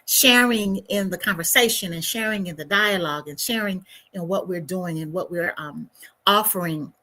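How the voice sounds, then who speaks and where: A woman's voice: fairly low pitch, moderate pace. A woman hosting her own livestream, talking casually to viewers and sometimes muttering to herself as she works through her settings. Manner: chatty, warm asides, mutters to herself while fiddling with settings. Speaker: livestream host.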